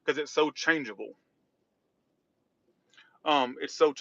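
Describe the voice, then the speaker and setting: A man's voice: a little high, slow, gravelly, bright, forceful tone, dry recording, highs cut off. A man chatting casually on a livestream while driving, rambling and reacting to chat. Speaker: tarot reader livestreaming. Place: in a car driving.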